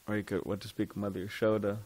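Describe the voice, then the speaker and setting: Low-voiced man teaching a scripture class. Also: flat delivery, very fast, a little mellow. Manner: conversational, questions the audience. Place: temple class room.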